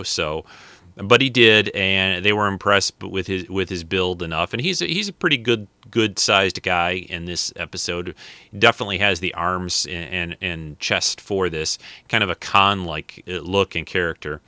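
A man's voice: low-pitched, normal speed, bright, forceful tone, dry recording. A man hosting a podcast, talking casually in a rambling way with many fillers and restarts. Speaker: podcast host. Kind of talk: casual spoken commentary.

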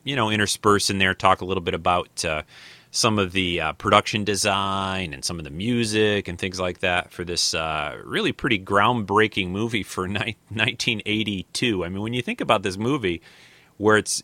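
Deep, bright-toned podcast host in his 50s. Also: no echo. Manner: rambling, many fillers and restarts, thinks aloud. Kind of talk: casual podcast chat.

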